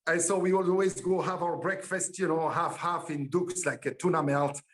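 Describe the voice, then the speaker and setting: A man guest telling a story in casual, animated style, acting out other people's lines, laughing often, with halting, broken phrasing. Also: a little high. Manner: halting, ungrammatical non-native phrasing.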